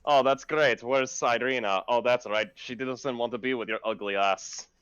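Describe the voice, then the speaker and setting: A man's voice: mid-range voice, fairly even intonation, normal speed, a bit bright, smooth, no room sound, highs cut off. A man joking around as a streamer guest, playful and swearing, slipping into a mock accent. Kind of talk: casual banter, jokey.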